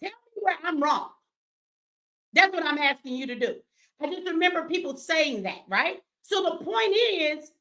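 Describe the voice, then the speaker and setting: A woman running a live stream, confrontational and profane, swinging between yelling at viewers and slow, emphatic explaining. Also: high voice. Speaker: livestreamer answering her chat; business owner.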